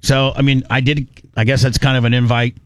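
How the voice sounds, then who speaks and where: A middle-aged male radio host rambles through sports stories in an easy, casual way. He often restarts his sentences. His voice sits at an ordinary pitch and sounds dry and close, with no room echo. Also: little pitch movement, fairly quick.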